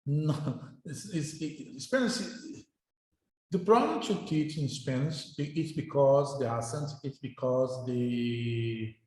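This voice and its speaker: Slow, halting professor in an echoey room. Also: male voice, medium pitch, darkish tone. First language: Portuguese. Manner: halting, repeats words, earnest. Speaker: university professor. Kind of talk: informal remarks to a class.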